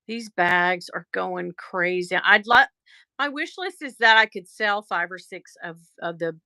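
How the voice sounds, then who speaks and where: A woman's voice: on the low side, unhurried, sharp tone. A middle-aged woman chatting casually on her livestream, rambling and exasperated as she talks to her viewers. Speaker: livestream host.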